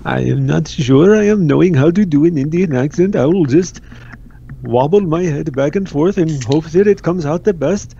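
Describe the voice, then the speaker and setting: A man's voice: on the high side, moderate pace, vocal fry, warm tone, breathy edge, dull audio, pitched above the performer's own voice. A man putting on an exaggerated mock accent with stilted phrasing and a leering, creepy manner. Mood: mock solemn.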